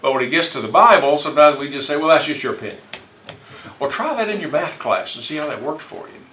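A man's voice: on the high side, expressive, fast talker, sharp tone. A man teaching an informal Bible class in a folksy, conversational way, asking his listeners questions. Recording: roomy distant room mic, faint noise.

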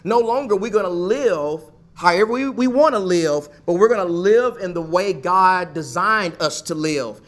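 A man's voice: high voice, lively intonation, normal speed, hardly any pauses, a bit bright. A man preaching a sermon, building emphasis through repeated phrases. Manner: emphatic, repetitive preaching cadence.

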